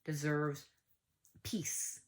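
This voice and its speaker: A woman's voice: sits low, flat delivery, drawn-out words. A middle-aged woman hosting a casual vlog, speaking earnestly and emphatically to parents, often repeating herself. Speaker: channel host, parent. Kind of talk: casual vlog talk to camera.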